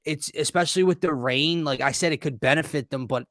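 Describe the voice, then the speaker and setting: Relaxed man hosting a sports chat. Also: a little high, a little fast, dry recording, clean studio sound. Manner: relaxed, filler-heavy. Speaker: sports show host. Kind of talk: casual sports betting chat.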